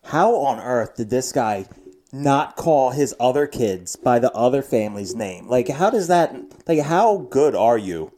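Mellow lively-pitched podcast co-host. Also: measured pace, slight background noise. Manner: wry, questioning, storytelling. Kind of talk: casual podcast chat.

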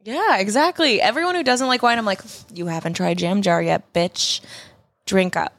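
Woman, twenties, casual chat, crude, laughing, mid-pitched, dry close sound. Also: moderate pace, fairly bright tone, no echo. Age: 20s. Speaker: podcast co-host.

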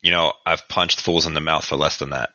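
A man at a tabletop horror game trades gruff, joking banter and talks through his character's rolls. His very low voice is sharp and forceful, coming through a dull, dry home mic. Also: steady tone, fairly quick, no echo. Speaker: player. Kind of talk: casual tabletop game play.

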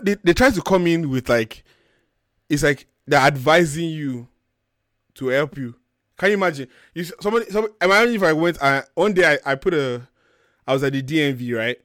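A young man hosts a talk show, launching into a heated, casual rant full of blunt profanity and animated storytelling. His voice is fairly high and a little fast, recorded at studio quality with no echo.

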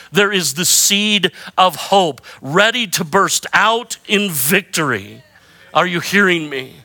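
A middle-aged male pastor preaching with a high, bright, ringing voice. He drives his points home with repetition and calls for amens. He lightens the sermon with self-deprecating humor. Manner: emphatic preaching with call-and-response prompts.

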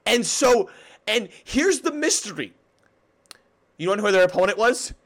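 A young man co-hosting a casual sports podcast, excitable and giggly, tripping over and repeating his words. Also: sits high, a little slow. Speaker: podcast co-host.

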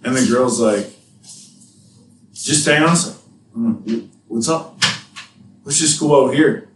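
A man telling a rambling story to friends in casual podcast chat, swearing freely and getting loud at the punchlines. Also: medium pitch, a little slow, distant mic, background noise. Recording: echoey room, off-mic, faint ambience.

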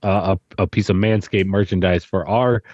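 A man co-hosting a podcast, easygoing and quick to laugh while telling stories. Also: low-pitched, fairly even intonation, a little mellow, no room sound, lo-fi sound. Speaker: podcast co-host. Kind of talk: casual chat.

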